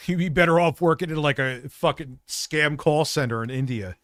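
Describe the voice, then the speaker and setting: A man live-streaming, rambling and reacting loudly in casual, profane commentary. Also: fairly high pitch, normal speed, no echo, studio quality.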